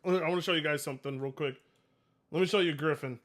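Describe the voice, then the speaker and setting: A man in his late twenties reacting to clips on a live stream, excitable, laughing often and swearing. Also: a little high, fast. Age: 20s.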